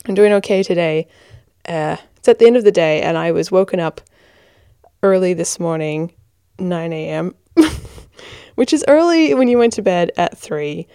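A tired woman in her twenties with a mixed American-Australian accent hosts a casual podcast from a blanket fort in her bedroom, giggling and poking fun at herself. Her voice sits on the low side, dark and clean, animated at a moderate pace with frequent pauses. The recording is dry and studio quality.

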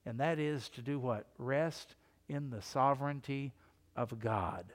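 A man's voice: medium pitch, unhurried. An older man preaching a sermon as pastor, talking in a conversational way that builds to earnest emphasis. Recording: long reverb of a church hall.

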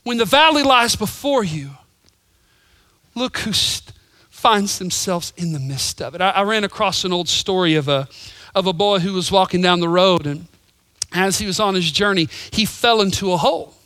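A male pastor preaching a sermon, telling stories and swinging from loud emphasis to hushed whispers. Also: high voice, clear, resonant tone, no echo. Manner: storytelling with voices.

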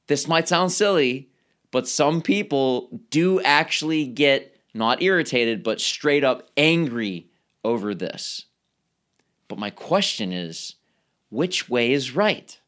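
Animated male pharmacist podcast host. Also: medium pitch. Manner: animated, acts out quoted voices; coaching, speaks straight to the listener. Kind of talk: motivational podcast talk.

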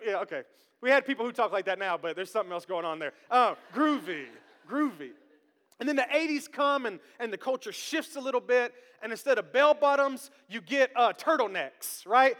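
A man in his thirties preaching a sermon to his congregation, joking, animated and often repeating his words. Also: very high voice. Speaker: pastor. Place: church sanctuary. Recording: live with long hall reverb.

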